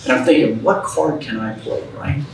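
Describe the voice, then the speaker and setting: A man's voice: medium pitch, normal speed, gravelly, a little hiss or hum. A man giving a talk to a club audience, telling a story in a folksy, plainspoken way and acting out the quoted lines. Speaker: guest speaker. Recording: echoey room, speaker far from mic.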